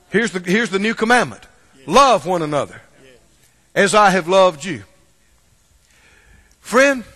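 Man, pastor, sermon, high bright voice, emphatic repetition, call-and-response, long church reverb.

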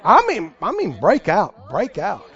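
A man's voice: very high-pitched, big pitch swings, a little slow, some chatter behind. A man preaching a sermon, emphatic and quizzing the congregation, with laughing asides. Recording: dull dry sound.

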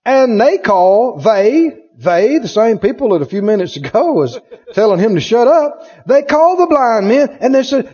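A man's voice: extremely high pitch, sing-song, moderate pace, mellow, slightly rough. A man preaching a sermon as pastor, telling folksy stories, laughing, and acting out the people he quotes. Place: church sanctuary. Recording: dull, lo-fi church recording with long reverb. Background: congregation answering amen.

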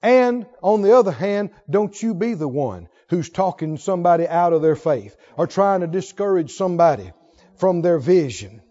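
Fervent high-voiced male preacher, lo-fi. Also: lively intonation, moderate pace, warm tone. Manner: fervent, exhorting, calls for audience response. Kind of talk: sermon. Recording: dull lo-fi recording.

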